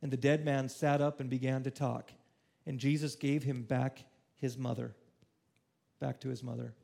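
Gravelly-voiced man preaching conversationally. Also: medium pitch, flat delivery, moderate pace. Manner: conversational preaching, swings between hushed and emphatic. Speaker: pastor. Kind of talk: sermon.

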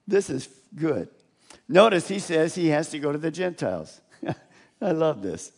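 Male pastor, animated sermon delivery, lively swooping pitch, pitched a bit high. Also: a little slow, slightly rough. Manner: animated, chuckling, acts out quotes.

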